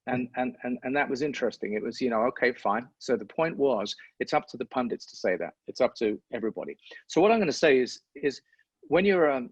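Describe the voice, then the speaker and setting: A man's voice: mid-range voice, animated, fast, slightly rough, no echo. Man, sports broadcaster, reflective interview talk, lo-fi dull sound. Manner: reflective, repeats words while thinking. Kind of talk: interview conversation.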